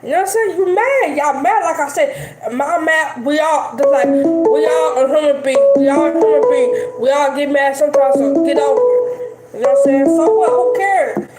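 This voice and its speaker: Defiant high-voiced woman ranting. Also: moderate pace. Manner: defiant, repetitive, dismissive. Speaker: streamer. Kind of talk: live-stream rant. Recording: echoey room with faint music.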